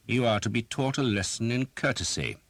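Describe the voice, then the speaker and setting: A man's voice: mid-range voice, animated, a little fast, a bit bright, no room sound, pitched above the performer's own voice. A man voicing an arrogant, cruel knight who snarls orders in an audiobook. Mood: cold. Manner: snarling, imperious. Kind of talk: audiobook character voice.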